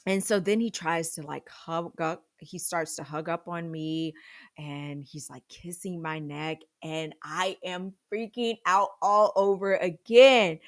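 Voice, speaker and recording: A woman in her thirties tells a comedic personal story at an unhurried, drawn-out pace. Her delivery is dramatic and animated, jumping into sudden loud bursts for emphasis. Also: mid-range voice. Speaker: podcast storyteller.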